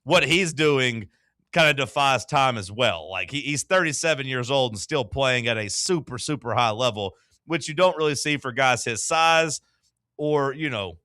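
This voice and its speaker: Guy hosting sports talk, bright forceful voice, dry close mic, lots of "like"s. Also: mid-range voice, animated, moderate pace, smooth, no echo. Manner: loose and chatty, full of "like" fillers. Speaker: sports talk show host.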